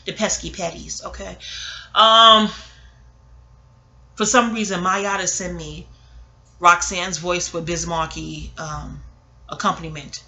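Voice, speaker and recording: A woman's voice: on the low side, slow pace, pauses often. A woman from Queens, delivering a rambling, digressive and emotional monologue about a film. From New York, Queens. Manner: digressive, emotional, expressive, swears casually. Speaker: vlogger reviewing a film. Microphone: audio-only recording.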